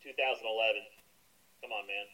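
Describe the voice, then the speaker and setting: A man's voice: on the low side, fairly even intonation, brisk, sharp tone, husky. An older man, a retired tennis coach and podcast guest, teasing the host with short, dry replies. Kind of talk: casual podcast chat. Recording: dull lo-fi remote line with faint noise.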